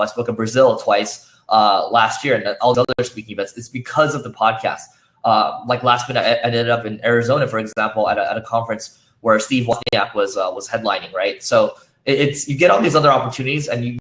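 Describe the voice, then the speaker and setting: The recording catches a roomy echo as a man talks fast at a conference in a medium-pitched, fairly bright voice with even intonation. He's losing his voice from overuse, and his casual delivery is packed with fillers and false starts.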